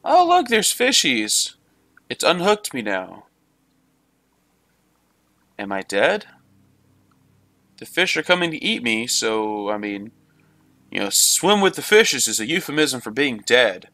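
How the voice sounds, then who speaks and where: A man talking his way through a game in a let's play, with a bright, forceful voice. He swears freely and keeps up a running chat with himself and the screen. The sound is close and dry. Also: medium pitch, big pitch swings, takes it slowly, long pauses, no echo. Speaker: gamer. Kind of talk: let's play gameplay commentary.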